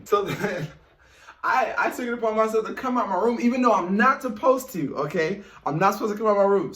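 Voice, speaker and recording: A man's voice: high voice, far from the mic. Chatty young man telling a story, echoey room. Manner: animated, chatty, addresses viewers directly. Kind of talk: casual story time.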